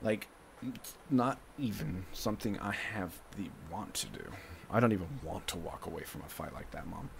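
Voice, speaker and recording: A man's voice: lowish voice, moderate pace, vocal fry, slight background noise. Confrontational young man venting. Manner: confrontational, rambling, many fillers. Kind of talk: emotional monologue addressed to his mother.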